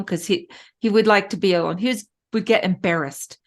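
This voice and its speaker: Here a middle-aged respiratory therapist talks at a slightly fast pace in a medium-pitched voice. As an interview guest in a casual setting, she chats and tells stories, using fillers often.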